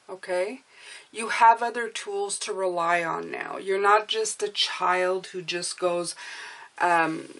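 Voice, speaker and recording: Woman tarot reader, earnest and coaxing, voice a little low, repeats check-ins. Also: fairly bright tone. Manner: earnest, repeats "okay?" and "you guys"; emotional, coaxing. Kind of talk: spiritual tarot reading to camera.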